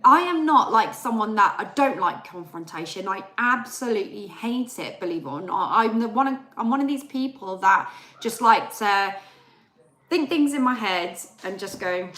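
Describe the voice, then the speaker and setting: A woman's voice: a little high, lively intonation, moderate pace, sharp tone, reverberant. A young adult woman, chatting casually on a live stream and telling a story with re-enacted dialogue. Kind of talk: casual chat.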